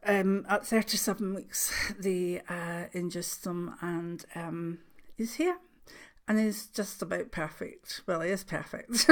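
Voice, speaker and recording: An older Scottish woman, a grandmother, chatting to her viewers in a rambling, emotional way, with soft laughs. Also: mid-range voice. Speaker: spiritual channel host. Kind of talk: casual chat to camera.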